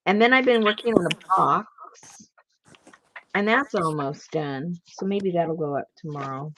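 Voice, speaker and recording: A woman's voice: on the low side, unhurried, fairly bright tone, a little hiss or hum, rough recording. A woman hosting a casual crafting chat, rambling and laughing easily as she works. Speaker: crafting channel host.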